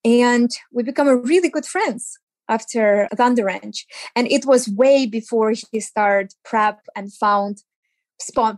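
A young actress, a woman, chatting as an interview guest and telling lively stories. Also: mid-range voice, no room sound. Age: young adult. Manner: animated storyteller who acts out quotes. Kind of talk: casual interview chat.

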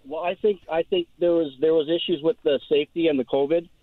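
A man calling in to a radio show, telling his story quickly and rambling, often repeating words. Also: fairly high pitch, fairly even intonation, dry recording. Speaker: caller. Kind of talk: phone-in storytelling. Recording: tinny dry phone line.

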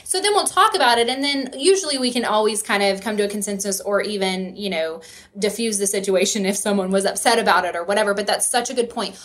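A woman's voice: medium pitch, quick pace, fairly bright tone. A woman speaking in an easygoing conversation, steadily affirming the others and then explaining her point. Her manner is teacherly and encouraging, walking through ideas step by step. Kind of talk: casual chat.

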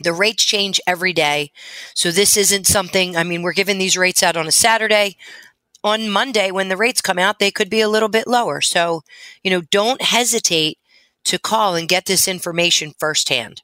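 A woman's voice: mid-range voice, normal speed, sharp tone, no echo. A woman co-hosting a talk radio show, explaining mortgage rates and loan figures. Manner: informative, reads out figures. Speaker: radio co-host, mortgage expert.

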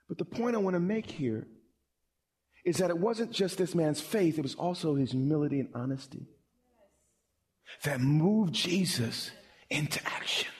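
A male pastor delivering a sermon in an animated way, repeating words when he presses a point. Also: on the high side, moderate pace, slightly rough.

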